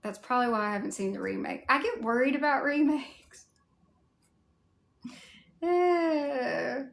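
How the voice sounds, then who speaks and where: A woman's voice: a little high, brisk, vocal fry, a bit bright. A woman with a Southern US accent chatting casually on a livestream, answering viewer comments in a candid way with mild swearing. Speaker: cosplay livestreamer.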